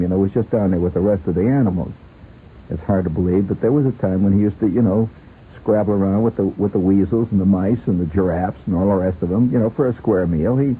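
The man's voice is lowish and slightly rough. Hosting on radio, he wanders through playful comic talk and laughs a lot, all on a tinny, lo-fi recording with a faint hiss.

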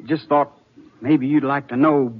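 A man's voice: mid-range voice, fairly even intonation, measured pace, lightly acted. An actor playing a nervous young cowboy in a 1950s radio drama, stammering as he talks. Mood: anxious. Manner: stammering, anxious. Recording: muffled old radio broadcast.

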